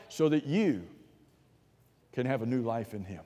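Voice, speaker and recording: A man preaching a sermon, swinging from loud, rising emphasis to hushed, low asides and answering his own rhetorical questions. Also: animated, normal speed, pauses often, big-room sound.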